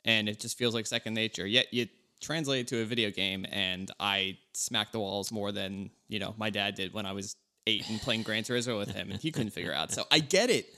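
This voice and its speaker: A man in his thirties co-hosting a casual car podcast, telling stories in a relaxed, rambling way. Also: fairly low pitch, fairly quick, hardly any pauses. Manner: relaxed, rambling, animated storytelling. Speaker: podcast co-host.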